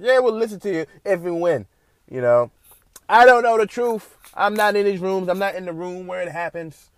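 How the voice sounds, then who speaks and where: A man hosting a podcast, talking in a loose, animated ramble full of fillers. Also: medium pitch, no room sound. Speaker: podcast host. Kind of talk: casual monologue.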